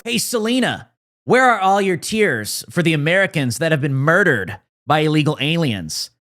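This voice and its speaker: A man's voice: a little high, big pitch swings, moderate pace, fairly bright tone. A man giving scripted political commentary in a mocking, combative manner.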